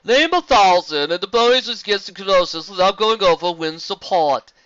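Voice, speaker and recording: A nasal, snide pony partygoer, acted by a man, calling out loudly in a raised pitch. The sound is bright and dry on a lo-fi recording. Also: expressive, normal speed, no room sound, recorded from a distance. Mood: sardonic.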